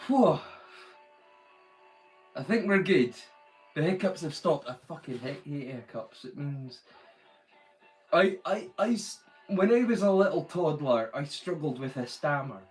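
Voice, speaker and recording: A man's voice: a little high, lively intonation, moderate pace, soft background music. A man from the UK hosting a live watch-along in a rambling, casual chat, swearing freely. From United Kingdom.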